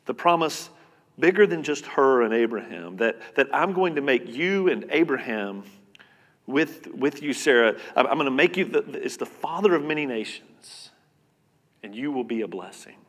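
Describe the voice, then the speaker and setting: A man preaching a sermon as pastor, earnest and conversational, repeating words and swinging between loud and soft. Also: mid-range voice, animated, normal speed. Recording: long reverb of a hall.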